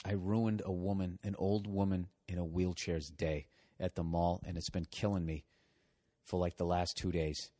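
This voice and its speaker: A man's voice: low-pitched, level tone, normal speed, mellow, no echo, studio quality. A middle-aged man hosting a podcast, telling a rambling, self-mocking comic story full of swearing and laughing through it. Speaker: podcast host.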